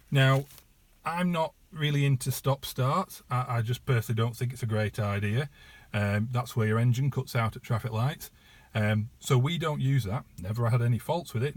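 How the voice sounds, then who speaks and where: A man's voice: medium pitch, darkish tone, no room sound. A British man giving a chatty, informal walkaround of his car, with lots of ums and casual asides. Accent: British English. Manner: chatty, filler-heavy, informal. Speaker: private car seller. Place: inside a parked car.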